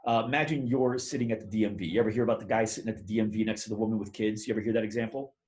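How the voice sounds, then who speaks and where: Animated, rambling male podcast guest. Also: fairly low pitch, racing. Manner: animated, rambling, swears casually. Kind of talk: casual storytelling interview.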